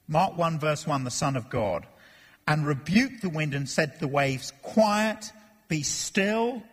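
Husky high-voiced preacher in reverberant hall. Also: male voice. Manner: animated, acts out Bible voices and jokes. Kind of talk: expository sermon. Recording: long reverb of a church hall.

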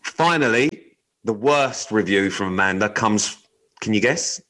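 Male co-host, low voice, blunt and sweary, casual banter. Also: animated, a little slow, pushed and bright, rough recording. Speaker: podcast co-host. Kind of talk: casual chat, reading news items.

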